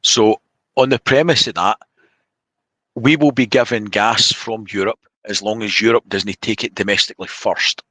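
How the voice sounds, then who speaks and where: A man's voice: lowish voice, fairly even intonation, moderate pace, bright, forceful tone, no echo, low-quality recording. A man hosting a casual live-stream chat, blunt and opinionated with joking banter. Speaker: podcast host.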